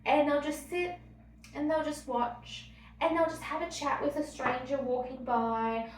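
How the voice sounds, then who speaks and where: A woman's voice: sits high, steady tone, measured pace, far from the mic, slight background noise. Chatty Australian woman, echoey, off-mic. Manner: chatty, reflective, many fillers. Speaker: vlogger. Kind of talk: casual travel vlog. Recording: roomy, off-mic, light ambience.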